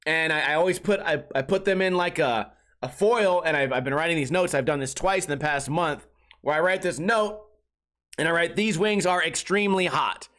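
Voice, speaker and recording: A man in his thirties hosts a loose, casual comedy podcast, rambling crudely and swearing freely while linking his thoughts with constant filler words. His voice is somewhat high and a bit bright, and he keeps a moderate pace.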